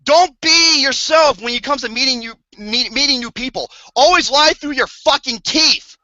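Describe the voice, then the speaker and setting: Bright, exasperated ranting podcast reviewer. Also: high voice, moderate pace, no echo. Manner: profane, exasperated, theatrical outbursts. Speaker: podcast co-host reviewing a movie. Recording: dull lo-fi podcast audio.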